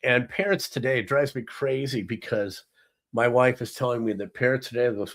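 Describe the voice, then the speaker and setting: A man's voice: medium pitch, moderate pace, fairly bright tone. A middle-aged man hosting a casual live talk show. He counts down gifts in a chatty, jokey, rambling way with lots of ums and asides. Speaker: host.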